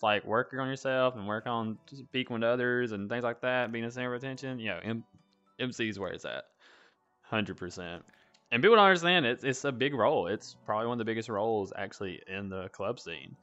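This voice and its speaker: A man's voice: mid-range voice, highs cut off. A man from North Alabama with a Southern accent, hosting a casual chat and laughing often. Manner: laughs often, animated swings of loudness. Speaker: podcast host, club owner.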